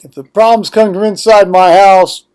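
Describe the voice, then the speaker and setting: A man's voice: high voice, steady tone, normal speed, darkish tone, clean tone. An older man vlogging at home in a rambling monologue, digressing often with blunt, profane asides.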